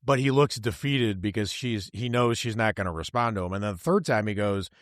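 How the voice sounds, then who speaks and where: A man on a film podcast panel in casual talk, expressive, stretching words for emphasis and swearing now and then. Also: lowish voice, a little fast, no echo, studio quality.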